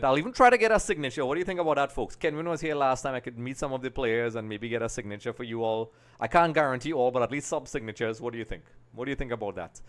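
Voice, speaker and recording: A middle-aged man hosting a live football watch-along stream, chatting to viewers by name and reacting to the match. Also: mid-range voice. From Trinidad and Tobago. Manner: chatty, greets viewers by name, excitable over goals.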